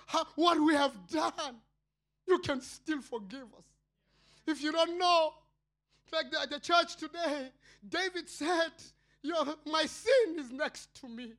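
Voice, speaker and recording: A pastor with a South African accent preaches a sermon slowly, swinging between shouted cries and quiet, murmured asides.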